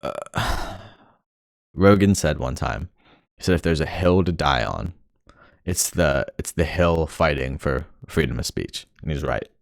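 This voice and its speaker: Young man, very low gravelly voice, frustrated profane rant, dry close sound. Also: animated, unhurried, dry recording. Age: young adult. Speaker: vlogger. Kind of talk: ranting monologue.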